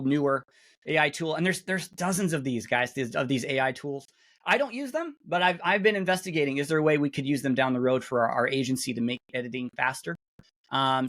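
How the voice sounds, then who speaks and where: A middle-aged man with a mid-range voice guest-speaks on a webinar, casually showing software over screen share. His computer-mic delivery on the video call is chatty and self-interrupting, packed with fillers and false starts.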